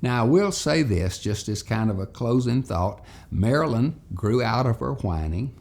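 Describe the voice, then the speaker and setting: A man telling a childhood story as a moral lesson for children and parents, in an animated, folksy way. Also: mid-range voice, a little slow.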